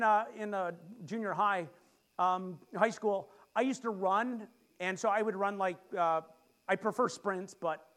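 A middle-aged man preaching a lively sermon in a church, joking with the congregation and leading call-and-response. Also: high-pitched. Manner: animated, jokes with the congregation and leads call-and-response. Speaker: pastor. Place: church sanctuary.

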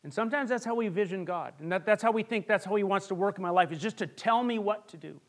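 Preaching fast in an earnest, conversational way, this male pastor has a strikingly high voice. He keeps stumbling over restarts, and his voice sinks to a quiet hush whenever he wants a line to hit home.

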